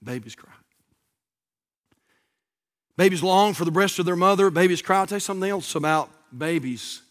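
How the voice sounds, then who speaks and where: A middle-aged male pastor, preaching a sermon that swings from loud high cries down to hushed whispers. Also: normal speed, pauses often.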